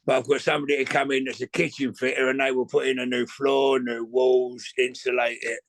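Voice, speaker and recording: A man's voice: mid-range voice, level tone, a little fast. A middle-aged man, telling rambling stories as a guest in a casual chat, swearing freely and often restarting his sentences.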